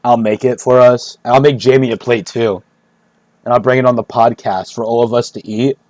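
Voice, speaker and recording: A man's voice: medium pitch, fairly even intonation, brisk, a little mellow, no room sound. A man streaming and chatting casually, rambling and joking, repeating himself, swearing and breaking into laughs. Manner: profane.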